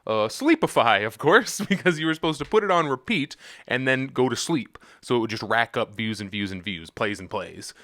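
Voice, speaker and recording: A man's voice: medium pitch, lively intonation, moderate pace, fairly bright tone, no echo, studio quality. A man hosting a comedic music commentary vlog, talking in a sarcastic, jokey, self-mocking way. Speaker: music vlogger.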